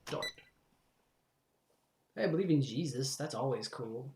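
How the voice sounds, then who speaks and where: A man's voice: mid-range voice, animated, measured pace, darkish tone, reverberant. A man streaming horror games, rambling through jokes and swearing as he plays. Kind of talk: casual game commentary.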